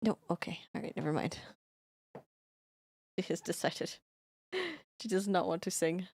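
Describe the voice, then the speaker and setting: A woman's voice: on the low side, very animated, a little slow, darkish tone, dry recording. A woman streamer chatting casually from her home recording setup, talking affectionately to her cat in baby talk and swearing now and then. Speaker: streamer and singer. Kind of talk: casual live-stream chat.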